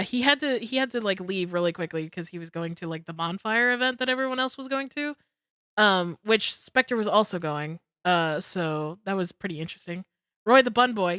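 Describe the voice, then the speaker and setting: A young woman streamer telling a story in casual chat, excitable and swearing freely. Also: mid-range voice, smooth, dry recording, clean studio sound.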